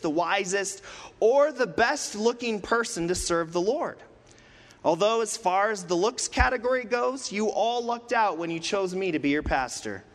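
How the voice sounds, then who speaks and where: Animated male pastor in a reverberant church. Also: high-pitched. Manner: dramatic preaching with rhetorical questions and pauses. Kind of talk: sermon. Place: church sanctuary. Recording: long reverb of a church hall.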